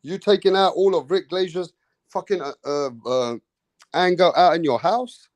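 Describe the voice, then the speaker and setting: A man's voice: sits high, normal speed, no room sound. A man hosting a live boxing talk stream, blunt and swearing, teasing a chat member.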